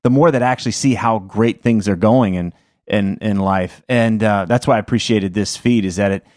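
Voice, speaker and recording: A man's voice: fairly low pitch, normal speed, darkish tone, dry recording, clean studio sound. A man hosting a podcast interview, enthusiastic and openly emotional in casual conversation. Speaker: podcast host.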